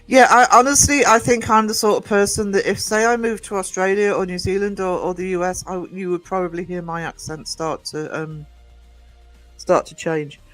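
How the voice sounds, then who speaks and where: A man's voice: high-pitched, steady tone, moderate pace, a bit bright, faint music behind. Northumbrian man chatting casually on a livestream. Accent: Northumbrian English. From North East England. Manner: rambling, greets chatters by name, many fillers and restarts. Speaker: livestream host. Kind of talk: casual chat to live viewers.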